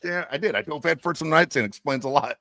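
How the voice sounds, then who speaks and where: A man's voice: a little high, quick pace, gravelly, bright, forceful tone, dry recording, clean studio sound. An older man co-hosting a podcast, telling rambling, self-mocking jokes in casual chat. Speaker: podcast co-host.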